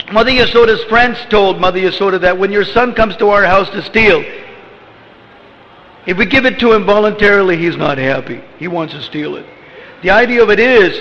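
A man's voice: high voice, bright, forceful tone. A man giving an informal religious talk as a spiritual teacher, rambling and conversational, with lots of "you know" and chuckles. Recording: echoey hall, dull lo-fi with faint noise.

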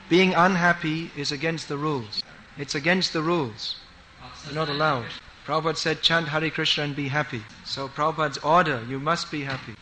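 Male preacher, emphatic storytelling sermon, slightly high, bright tone. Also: slight background noise, poor audio. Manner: emphatic storytelling, repeats for stress.

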